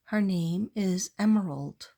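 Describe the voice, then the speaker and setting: Showing her artwork in a casual late-night vlog chat, a tired-sounding woman meanders along with many pauses and fillers. Her mid-range voice is mellow, with vocal fry.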